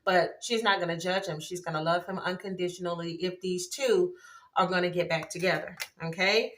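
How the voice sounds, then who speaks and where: A woman's voice: on the low side, normal speed. A woman, giving a casual tarot reading to viewers, exclaiming at the cards as she turns them. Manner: excitable, exclaims at cards, laughs often. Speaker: tarot reader.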